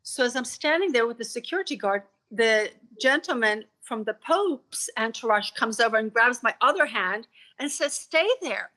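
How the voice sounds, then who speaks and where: Deliver this as a woman guest recounting a personal story, with a bright, ringing tone pitched a little high. Tell it vividly and earnestly, and let words stumble and repeat when emotion takes over. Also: animated, moderate pace. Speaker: podcast guest.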